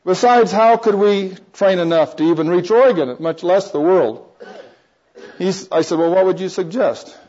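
An older man gives a personal testimony in a sermon, circling back and restarting sentences as he tells his story with small chuckles. His voice sits fairly high for a man. The recording is dull and lo-fi. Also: normal speed, darkish tone. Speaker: preacher.

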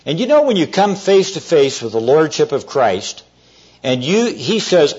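An earnest male preacher delivers an evening sermon, his fairly high voice rising and falling a great deal. He slows down to press key words home. The recording is dull and lo-fi. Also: sing-song, darkish tone, breathy edge. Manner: earnest storytelling, often slowing to stress words.

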